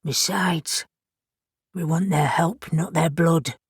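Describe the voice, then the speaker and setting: A blunt shifter man who takes charge and speaks in quick orders, as a woman narrator plays him. He sounds husky and low, with a dry, close sound. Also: steady tone, no room sound, heavily acted. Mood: brisk. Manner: brisk, commanding. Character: blunt, decisive male shifter leader.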